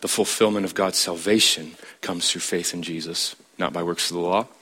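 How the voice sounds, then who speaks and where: Guy preaching a sermon, bright forceful tone, keeps firing questions at the crowd. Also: fairly even intonation, normal speed, slightly rough. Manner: emphatic, rising to a high pitch to stress points; questions the listeners directly.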